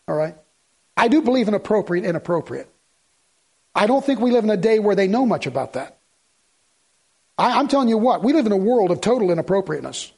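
In front of a church congregation, a man with a high, somewhat mellow voice preaches a sermon. His delivery is folksy and rambling, sprinkled with joking asides.

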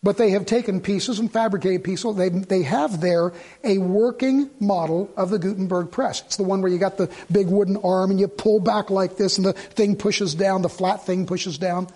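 A man's voice: sits high, steady tone, normal speed, hardly any pauses, dark tone. A middle-aged man preaching a sermon, telling stories and building to fervent emphasis. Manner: storytelling, rising to fervent emphasis. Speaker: pastor.

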